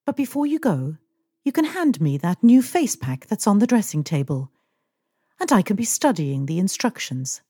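A woman with a medium-pitched, warm, sing-song voice carrying a breathy edge reads aloud at a moderate pace. She plays a languid, fussy rich middle-aged woman who complains, gives orders to her employee, and sounds a little imperious. The recording is dry and studio-clean.

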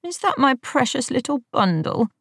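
A woman's voice: sits high, sing-song, moderate pace, vocal fry, a bit bright, breathy edge, no echo, studio quality, voice pushed up, full character voice. A woman voicing a fussy middle-aged wife, cooing at her cat in a grating little-girl voice.

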